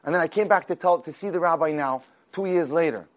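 A man's voice: on the high side, fast talker. A man retelling an inspirational story in a conversational way, acting out the characters' lines and often restarting his sentences. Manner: animated, acts out the characters' dialogue; conversational, with frequent restarts and repeated words.

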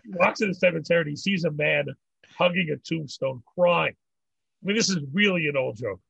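Older rabbi, husky, telling jokes. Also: male voice, on the high side, expressive, quick pace, a bit bright, no room sound, muffled recording. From North America. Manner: rambling, repeats words, tells old jokes with laughs. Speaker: rabbi, interview guest. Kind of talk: storytelling conversation.

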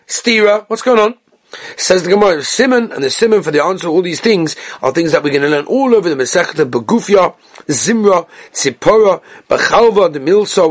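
A man works through a daily Talmud lesson, explaining line by line and often restarting his phrases. His voice is husky and sits a little high for a man. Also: fairly bright tone. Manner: explains text in Yiddish-inflected English, frequent restarts. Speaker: Talmud teacher.

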